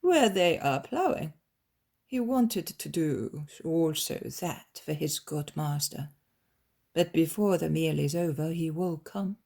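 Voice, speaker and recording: A woman voicing a greedy, boastful rich male landowner with a squeaky, shrill voice. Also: expressive, slow pace, gravelly, darkish tone, heavily acted. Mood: coaxing. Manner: shrill, pleading and blustering.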